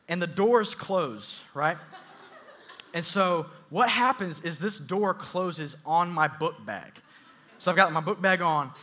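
Animated bright-voiced young preacher. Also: male voice, high-pitched. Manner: animated, playful storytelling with swings into soft asides. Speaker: youth pastor. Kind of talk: storytelling sermon.

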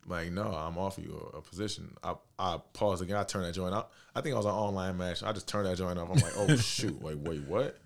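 Young guy with a real low voice, slangy, acts out all the dialogue in his story. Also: fairly even intonation, quick pace, creaky, hardly any pauses. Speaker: podcast guest. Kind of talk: casual storytelling chat.

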